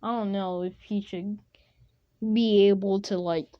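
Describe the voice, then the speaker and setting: A woman's voice: medium pitch, fairly even intonation, measured pace, highs cut off. A woman casually improvising a fan-fiction story, rambling and full of fillers.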